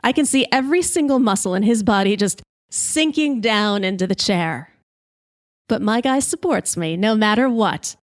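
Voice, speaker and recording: A woman podcast host telling a comic story in a lively, brash way, swearing freely. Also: medium pitch, normal speed, no room sound, studio quality.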